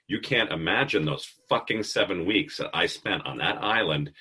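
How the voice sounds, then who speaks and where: A man in his fifties hosting a casual interview, telling stories in an animated way and swearing freely. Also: low-pitched, normal speed, breathy edge. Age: 50s. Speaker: podcast host.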